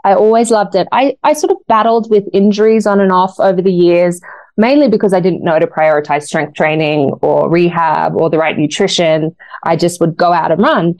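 A woman's voice: fairly low pitch, a little mellow, dry recording. A woman in her thirties, a guest in an interview, telling a personal story in an earnest, emotional way. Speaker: guest, actress. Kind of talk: casual interview talk.

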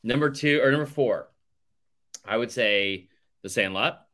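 Bright-voiced man ranking movies excitedly. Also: medium pitch, measured pace. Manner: animated, swearing, ranks movies with strong opinions. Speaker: podcast co-host. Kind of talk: casual chat.

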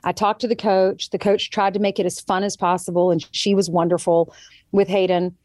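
A woman's voice: mid-range voice, level tone, brisk, darkish tone, no room sound, studio quality. A woman in her thirties chatting as a guest and telling a parenting story, quoting others vividly as she goes. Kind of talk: casual chat.

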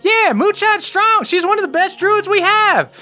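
A game master voicing an excitable villager who cheers the hero on in a squeaky, eager voice. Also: normal speed, soft background music, exaggerated voice.

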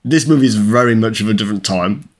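A man's voice: fairly low pitch, fast. A man co-hosting a casual film-review podcast, chatting in an easygoing, agreeable way. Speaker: podcast co-host.

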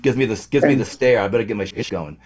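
Low-voiced male musician guest, loose and rambling, casual chat. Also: quick pace, darkish tone, slightly rough. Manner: rambling, lots of fillers and restarts. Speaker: guest singer-songwriter.

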